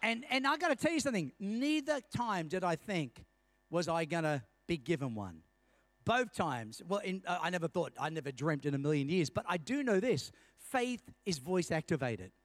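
A man in his fifties preaching a sermon with a strikingly high voice. He tells a personal story and keeps checking in with the congregation. The sound is close and dry, with no room around it. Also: big pitch swings, moderate pace, no echo. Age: 50s. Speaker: pastor.

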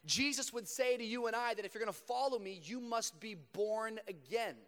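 A young man preaching a sermon to a live congregation, slipping between fast casual storytelling and slow, emphatic preaching. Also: sits high, fairly bright tone. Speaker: pastor. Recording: long reverb of a large hall.

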